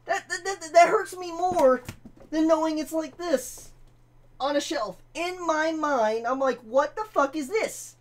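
A woman's voice: high-pitched, measured pace. A woman reviewing manga in a casual vlog, stammering over her words, swearing often and telling her story with exasperation. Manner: stammering repeats, frequent swearing.

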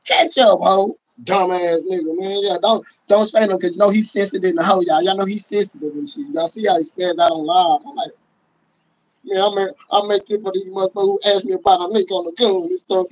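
Man, high pitch, profane mocking livestream rant, bursts of shouting. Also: a little fast, rough recording. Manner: profane, mocking, animated, with sudden shouts and laughs. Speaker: livestream host. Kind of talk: ranting livestream commentary.

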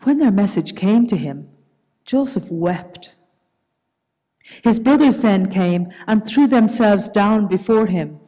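Northern Irish woman, scripture reading, slow and measured, mellow tone, long church reverb. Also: mid-range voice, expressive. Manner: slow, measured, soft-spoken. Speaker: worship leader.

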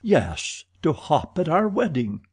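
A menacing masked madman with a husky, mellow voice, every word slow, deliberate and coldly mocking, as a male audiobook reader plays him. He talks at an unhurried crawl and is theatrical in his cruelty. It is an audiobook character reading. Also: fairly high pitch, wildly swooping pitch, pitched above the performer's own voice, full character voice. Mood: threatening.

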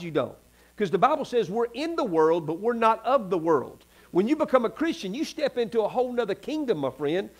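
A Southern US man preaches a sermon in a church, his voice sitting high for a man. He talks in a folksy, chatty way and keeps turning to the congregation with quick asides. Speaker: pastor. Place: church sanctuary.

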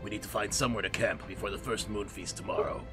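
This is a gruff, brooding monster-hunter hero, as a man puts him on. He growls his lines low and quiet in a grim, mock-serious drawl. Game music plays steadily underneath. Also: quick pace, lightly acted.

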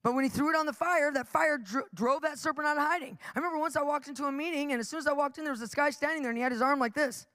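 A middle-aged woman preaching live with animated storytelling, laughing often and acting out the people in her stories. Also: sits high, rapid-fire, few pauses, no echo.

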